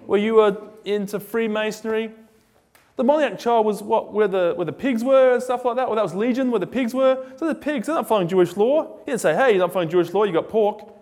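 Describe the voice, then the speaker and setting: A man preaching a sermon in a casual, joking, animated storytelling way. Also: sits high, normal speed. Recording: echoey hall with long reverb.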